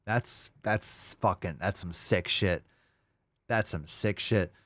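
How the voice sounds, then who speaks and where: Low-pitched and slow, with a fairly bright tone, a man hosts a commentary show where he rants crudely and sarcastically, mocking his subject with mock voices. There's no room sound in the recording.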